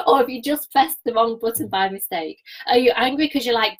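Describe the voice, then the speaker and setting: Lively woman coaching on a livestream. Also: a little high, a little fast, few pauses, rough recording. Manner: energetic, chatty, laughs often. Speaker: business coach. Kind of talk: live-streamed coaching talk.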